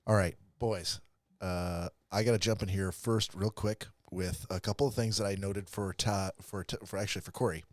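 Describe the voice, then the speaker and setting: A man's voice: sits low, fairly even intonation, moderate pace, no room sound, clean studio sound. Upbeat man hosting a podcast. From Michigan. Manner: upbeat, laughing, emcee-style. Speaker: podcast host. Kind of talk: casual comedic podcast chat.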